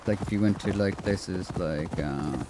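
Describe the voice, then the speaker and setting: Low-voiced Irish man, casual game commentary, noisy game audio underneath. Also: measured pace. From Ireland. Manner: rambling, chatty, many fillers and restarts. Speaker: gaming streamer.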